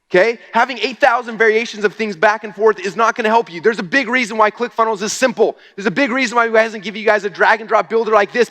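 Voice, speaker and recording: Man, fast energetic stage talk, high-pitched, long hall reverb. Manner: energetic, casual, says "okay?" often. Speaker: speaker at a marketing event. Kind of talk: live stage presentation.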